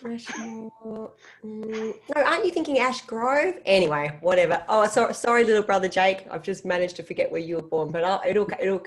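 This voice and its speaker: A woman with an Australian accent, chatting casually as a convention panel guest and rambling from story to story with animated asides. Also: mid-range voice, moderate pace. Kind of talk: casual chat.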